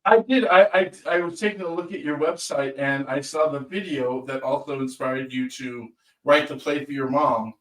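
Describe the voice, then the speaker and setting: A man co-hosting a chat, speaking in a slightly halting way. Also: medium pitch, roomy sound, recorded from a distance, low-quality recording. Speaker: co-host, cabaret teacher. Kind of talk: casual interview chat.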